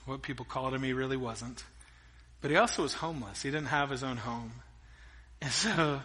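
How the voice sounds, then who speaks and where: A middle-aged man preaching a sermon, telling stories with lively energy and dropping between loud emphasis and quiet asides. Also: medium pitch. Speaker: pastor. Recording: long reverb of a large hall.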